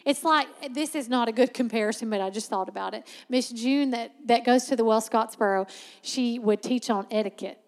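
High-voiced woman preaching. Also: long reverb tail. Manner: emphatic, conversational preaching with sudden slow stresses. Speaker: Bible teacher. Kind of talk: sermon.

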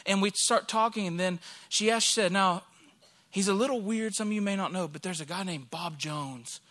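A pastor from Alabama, a man in his thirties, shapes his sermon around a lively story of his own and acts out the people in it. He has a high voice and keeps a moderate pace.

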